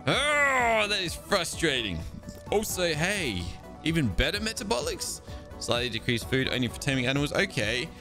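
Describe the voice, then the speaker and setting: A young man giving excitable let's-play commentary as he plays a survival game, chatting to his tamed creatures and breaking into exasperated outbursts. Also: fairly high pitch, moderate pace. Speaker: gaming video host. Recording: game music playing behind.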